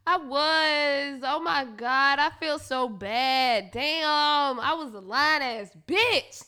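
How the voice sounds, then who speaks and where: Brief: high-voiced woman, tipsy, candid and crude, laughs a lot, bright tone. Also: slow. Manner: blunt, profane, laughing often. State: a little tipsy. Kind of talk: casual confessional storytelling. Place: alone at home.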